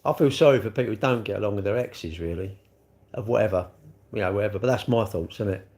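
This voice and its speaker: A man's voice: on the low side, fast, a little mellow. A middle-aged man talks loosely through a livestream, answering viewers as their comments come in. He rambles from one thought to the next and keeps tacking tag questions onto the ends of his sentences. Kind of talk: casual live chat answering viewer comments.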